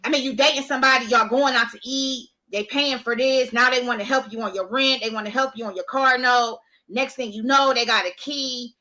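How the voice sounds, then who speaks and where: High bright-voiced blunt woman host. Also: brisk, few pauses. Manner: blunt, slangy, emphatic. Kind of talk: casual chat.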